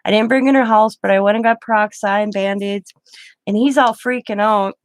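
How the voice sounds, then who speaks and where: A woman's voice: medium pitch, steady tone, a little fast, dry recording. An older woman, a grandmother, chatting at home and rambling through a story with lots of self-corrections. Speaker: craft vlogger. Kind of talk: casual storytelling.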